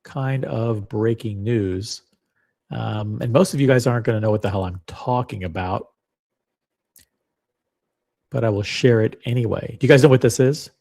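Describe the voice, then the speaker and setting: A man's voice: mid-range voice, moderate pace, gravelly, pauses often, a little mellow. A man hosting a loose, casual livestream. He rambles from one thing to the next and jokes at his own expense as he talks to the viewers. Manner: rambling, joking, self-deprecating. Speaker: livestream host.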